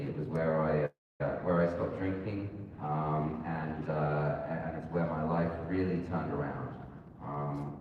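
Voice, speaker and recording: A man's voice: low-pitched, muffled recording, noisy background. A man talking candidly as a guest on a convention panel, rambling and laughing often. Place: large convention hall. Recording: echoey hall recorded from far off.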